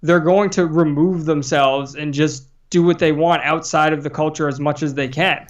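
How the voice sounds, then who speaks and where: A man's voice: fairly high pitch, steady tone, normal speed. Emphatic man co-hosting, dull lo-fi sound. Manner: emphatic, repeats himself for emphasis. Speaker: guest co-host. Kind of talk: casual news chat.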